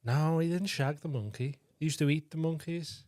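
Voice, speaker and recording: A man's voice: fairly high pitch, moderate pace, a little mellow, no room sound, clean studio sound. A man co-hosting a comedy podcast, tipsy from vodka, telling crude rambling stories and laughing a lot. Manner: giggly, crude, rambling storyteller. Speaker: podcast co-host.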